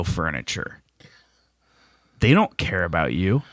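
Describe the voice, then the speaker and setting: A man co-hosting a comedy podcast, trading jokes in a deadpan, mock-serious way into a studio microphone. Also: mid-range voice, moderate pace, dry recording. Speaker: podcast co-host. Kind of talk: casual comedic banter.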